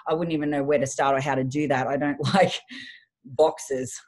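A woman in her thirties, a fitness coach and guest, telling her story in a casual interview in a blunt, profane, animated way. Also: a bass voice, normal speed.

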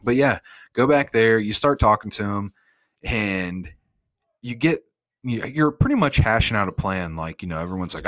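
A man's voice: lowish voice, normal speed, fairly bright tone, no echo. A man hosting a podcast, talking through a video game in a casual, rambling way with lots of fillers, from his home studio. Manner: rambling, with many fillers and asides. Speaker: podcast host. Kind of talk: casual gaming recap.

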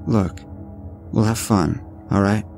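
A man voicing a confident, easygoing teenage boyfriend in a spoken horror story, in a relaxed, reassuring manner. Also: lowish voice, slow pace, faint music behind. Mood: laid-back.

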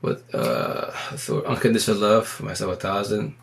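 A man talking into his phone on a livestream, rambling in a casual, slangy way and talking fast. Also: fairly low pitch, sing-song, creaky. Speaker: livestream host.

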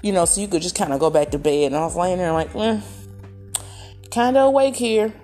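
A middle-aged woman hosting a casual solo podcast from her home, chatty and animated, with playful asides. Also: low voice, rapid-fire, soft background music. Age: middle-aged or older. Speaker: podcast host. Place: at home in a chair.

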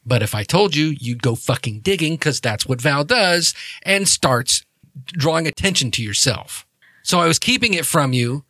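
A man's voice: fairly high pitch, lively intonation, normal speed, sharp tone, no room sound. A man playing a guarded, secretive woman with a very dry sound. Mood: defensive. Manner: defensive, evasive, swearing. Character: guarded secretive woman, older-sister figure.

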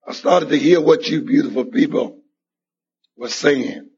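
A man's voice: a little high, moderate pace, darkish tone, breathy edge. A man speaking at a recovery meeting, telling his personal story and acting out what others said to him, on a dull lo-fi tape recording. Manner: storytelling with acted-out quoted dialogue. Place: meeting hall.

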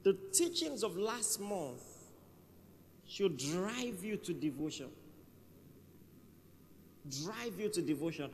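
A man's voice: sits high, big pitch swings, slow, long pauses, slight background noise. A man preaching a sermon in a church hall, conversational and emphatic, often repeating his key phrases. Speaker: pastor. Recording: reverberant church hall, faint ambience.

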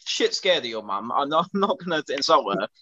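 A man's voice: mid-range voice, big pitch swings, fairly quick, lo-fi sound, a loud crowd. A man telling stories with restarts in a casual podcast chat. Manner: rambling storyteller with restarts. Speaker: podcast co-host.

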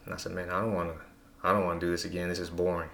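A man with a low, gravelly voice that still has a bright edge tells personal stories in an easygoing, casual way. He keeps the talk loose and conversational, full of fillers and small restarts. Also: rapid-fire, slight background noise. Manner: relaxed storytelling with many fillers. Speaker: guest.

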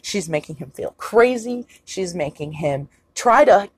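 A woman co-hosting a podcast, retelling a film scene in a casual, profane, animated way. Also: lowish voice, measured pace, slightly rough, dry recording. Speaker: podcast co-host. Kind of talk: casual movie recap chat.

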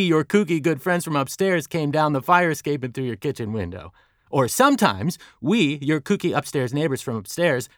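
A man playing a kooky neighbor husband in a deadpan sitcom parody, rambling and repeating himself. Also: fairly high pitch, dry recording, studio quality. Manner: rambling, repetitive storytelling.

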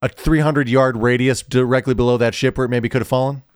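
A man of middle pitch co-hosts a casual podcast and steers the talk between segments. The recording is close and dry, with no room sound. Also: fairly even intonation, fast, smooth, dry recording. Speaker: podcast co-host. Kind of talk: casual movie-recast chat.

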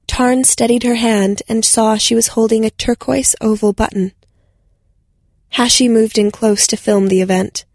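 Woman narrating a story, high voice. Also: dry recording, clean studio sound. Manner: steady, measured storytelling. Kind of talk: scripted audiobook narration.

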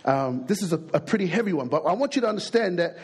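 A young adult man with an Australian accent preaching a sermon, an animated, jokey storyteller who acts out the people in his stories. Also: high-pitched, quick pace, husky.

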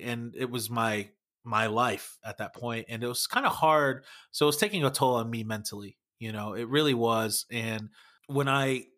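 A man's voice: medium pitch, pushed and bright. A man, a former band member, chatting casually on a podcast, swearing often and calling people man and dude. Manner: laid-back, swears often, says man and dude a lot.

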